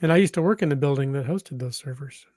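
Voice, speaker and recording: A man co-hosting a podcast in casual chat, telling stories in a relaxed, joking way. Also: medium pitch, fast, dry recording, studio quality. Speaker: podcast co-host.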